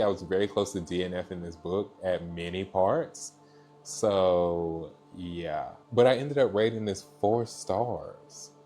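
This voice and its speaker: Chatty low-voiced man reviewing books. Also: darkish tone. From Georgia, US. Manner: chatty, gushing, repeats "so yeah". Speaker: book reviewer. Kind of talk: casual book review chat.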